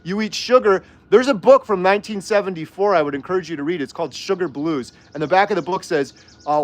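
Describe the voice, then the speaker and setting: Fast and high-voiced, a man hosts a livestream chat, reading viewer comments while arguing heatedly and firing off rhetorical questions.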